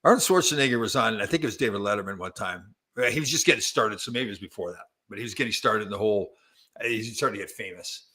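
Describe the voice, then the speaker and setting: A man hosting a casual chat, telling stories in a halting, rambling way full of restarts and fillers. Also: lowish voice, sharp tone. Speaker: podcast host.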